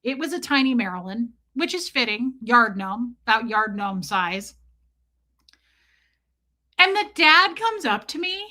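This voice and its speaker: A woman's voice: on the high side, sing-song, a little slow, long pauses, sharp tone. A woman streamer telling a story as a comedic, profane rant. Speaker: live streamer.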